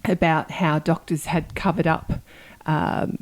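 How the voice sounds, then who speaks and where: A woman with a low voice talks casually on a podcast about a book she recommends. She speaks in halting phrases and often restarts as she gathers her thoughts. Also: little pitch movement. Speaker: podcast co-host and pilot. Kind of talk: casual chat.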